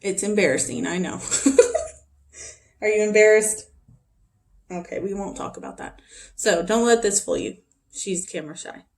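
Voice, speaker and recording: A woman's voice: fairly low pitch, a little fast, vocal fry. Chatty woman teacher at home. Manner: chatty, talks to her dogs between remarks. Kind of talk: casual video lesson for students at home.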